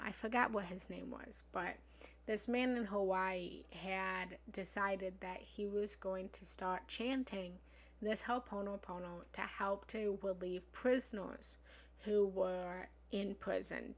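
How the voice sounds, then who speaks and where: A woman's voice: medium pitch, vocal fry. A woman spiritual love coach speaking earnestly on a live stream, meandering with many fillers as she explains a prayer.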